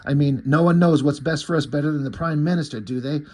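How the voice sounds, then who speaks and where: A man lightly voicing a sinister, smug male assassin from a comic, who needles his listener with sly rhetorical questions. The voice is husky and sits a bit high for a man, and it stays close to the reader's own casual tone. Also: fast talker, a little mellow, lightly acted. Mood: insinuating. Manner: wheedling, insinuating questions.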